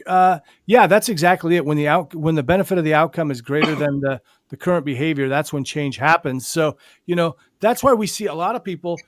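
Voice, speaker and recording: A man's voice: on the high side, no echo. A man hosting a live hypnosis show, chatting casually and rambling with frequent restarts. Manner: rambling, many restarts and fillers. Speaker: hypnotist host.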